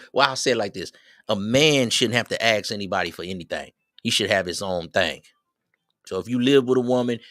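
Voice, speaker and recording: A middle-aged man giving casual advice in a slangy, preachy, joking way, with loud swings. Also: lowish voice, dry recording, clean studio sound. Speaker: show host.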